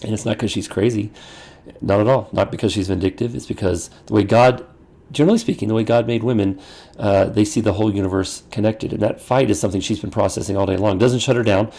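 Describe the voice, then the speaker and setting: Male pastor coaching ministers, dark gravelly tone, casual teaching delivery. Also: lowish voice, fast talker. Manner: conversational, acts out quoted dialogue; restarts and repeats phrases.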